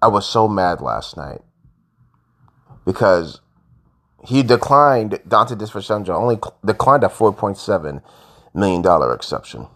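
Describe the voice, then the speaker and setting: An expressive man rants as a sports fan vlogger, frustration showing as he flips between loud outbursts and low mutters. He keeps a measured pace with long pauses.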